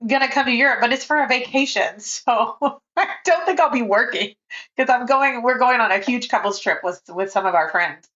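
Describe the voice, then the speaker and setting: A woman's voice: fairly high pitch, lively intonation, brisk, fairly bright tone. Chatty laughing woman, dull sound. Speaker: podcast guest. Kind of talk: casual interview chat.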